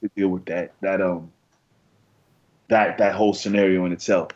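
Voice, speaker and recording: A man co-hosting a podcast in casual chat, measured and hesitant, restarting his phrases. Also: low voice, steady tone, a little mellow, dull audio. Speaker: podcast co-host.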